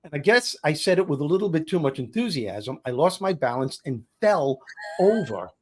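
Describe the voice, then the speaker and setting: A man's voice: a little high, sing-song, normal speed. A middle-aged man, a guest comedian telling stories in a casual chat with punchy comic delivery.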